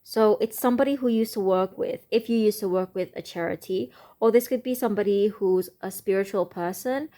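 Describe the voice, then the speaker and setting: A woman giving a slow, musing tarot reading, often pausing with fillers as she speaks. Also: mid-range voice, mellow. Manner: speaks slowly. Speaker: tarot reader.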